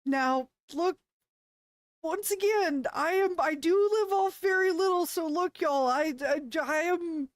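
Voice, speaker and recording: A woman's voice: high-pitched, dry recording, studio quality. A woman VTuber streamer chatting casually with viewers during a live stream, flustered and rambling, stumbling over her words and giggling often.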